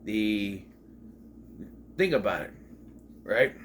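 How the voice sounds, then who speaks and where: A man's voice: lowish voice, animated, very slow, a little hiss or hum. Chatty man rambling through a TV retrospective. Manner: rambling, chatty, jokey asides. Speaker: video reviewer. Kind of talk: casual retrospective commentary.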